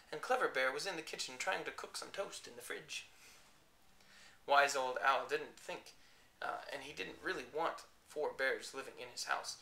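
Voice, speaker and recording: Lively, gravelly bedtime storyteller. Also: medium pitch, roomy sound.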